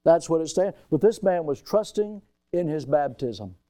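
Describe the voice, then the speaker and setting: A middle-aged male pastor preaching a sermon in a church, with emphatic delivery that slows and rises on quoted scripture. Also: fairly high pitch, animated, warm tone. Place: church sanctuary.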